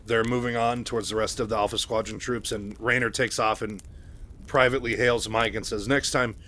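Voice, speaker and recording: A man's voice: on the low side, little pitch movement, brisk, fairly bright tone. A young man casually retelling a book's story, chatty and full of asides and fillers. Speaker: channel host.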